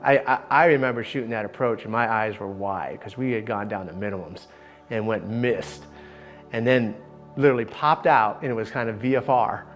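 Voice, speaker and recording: A man's voice: lowish voice, normal speed, fairly bright tone, faint music behind. A man, a fellow pilot, vividly recalling a cloudy approach in a casual interview.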